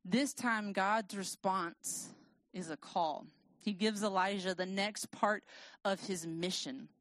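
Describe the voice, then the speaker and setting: A woman preaching in a relaxed, conversational way. She reads scripture aloud and adds wry asides. The sound is dry and close, with no room echo. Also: mid-range voice, slow pace. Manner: casual, self-deprecating, lively storytelling. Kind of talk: sermon with scripture reading.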